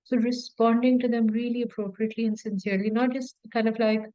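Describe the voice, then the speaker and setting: Female medical tutor, casual teaching delivery, a touch high-pitched, dry and slightly muffled audio. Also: level tone, fast talker, mellow, dry recording. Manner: conversational, often repeats words for emphasis and slips in fillers. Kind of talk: informal teaching talk.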